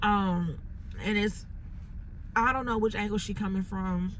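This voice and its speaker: This unscripted venting monologue comes from a Chicago woman, an entrepreneur vlogger, rambling in frustration into her phone from inside a parked car and leaning heavily on "like". She speaks at a measured pace with medium pitch, and the rough recording carries slight background noise.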